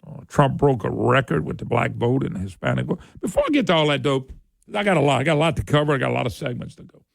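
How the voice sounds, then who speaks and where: A man's voice: medium pitch, very animated, fast talker, gravelly, no echo. A middle-aged man, hosting talk radio in an opinionated political monologue. He talks in a fiery, emphatic way, repeats his points and climbs sharply when worked up.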